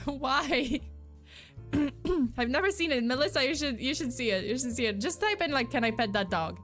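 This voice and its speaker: A woman's voice: high-pitched, animated, moderate pace, fairly bright tone, faint music behind. A woman hosting a stream, chatting casually in a giggly, rambling way and then reading a scripted story. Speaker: vtuber streamer host. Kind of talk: casual chat and scripted narration.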